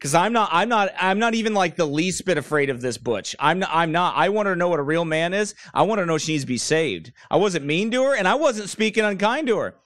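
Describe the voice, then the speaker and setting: A man preaching from a chair, blunt and mocking as he wanders into side stories. His voice sits a bit high for a man. The sound is dry and close, with little room echo. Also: expressive, quick pace, hardly any pauses, a bit bright. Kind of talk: sermon. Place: church room, speaker seated.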